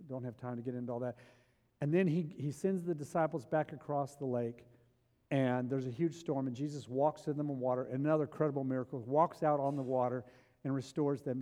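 A man preaching a sermon, emphatic, swinging between loud excitement and hushed intensity. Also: mid-range voice. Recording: reverberant hall.

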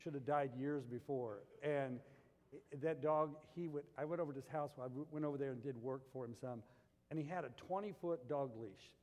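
A male pastor preaching a sermon, shifting between relaxed storytelling and loud emphatic peaks. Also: medium pitch, normal speed, long reverb tail.

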